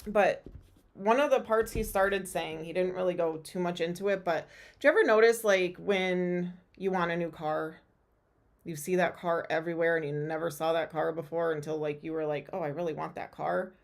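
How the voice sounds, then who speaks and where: A woman's voice: fairly low pitch, steady tone, moderate pace, gravelly. A woman tarot reader hosting a casual live stream, chatty and rambling with many fillers.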